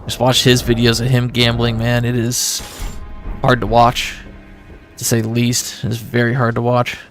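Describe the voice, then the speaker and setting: A man's voice: mid-range voice, completely flat delivery, unhurried, faint music behind. Rambling male gaming streamer. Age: adult with a son. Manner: rambling storytelling, chatting with viewers. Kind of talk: casual chat while playing a game.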